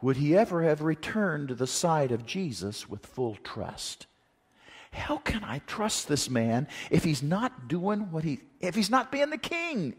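A man preaching a sermon, animated, asking rhetorical questions and acting out the quotes he tells. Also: on the high side, measured pace, breathy edge. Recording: long reverb of a large hall.

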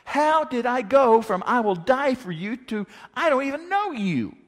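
A man's voice: extremely high pitch, very animated, a little slow, pitched above the performer's own voice, heavily acted. A male preacher playing a frightened apostle in a sermon, voicing his defensive, pleading denials. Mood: dismayed. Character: frightened, flustered apostle, a grown man. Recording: long reverb of a large hall.

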